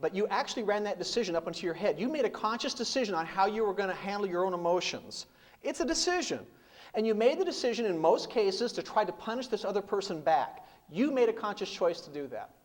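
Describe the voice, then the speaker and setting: A middle-aged man addresses a seminar room full of people. His delivery is emphatic, built on rhetorical questions and repeated one-word punchlines. His pitch rises and falls freely, keeping the talk lively. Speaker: business speaker.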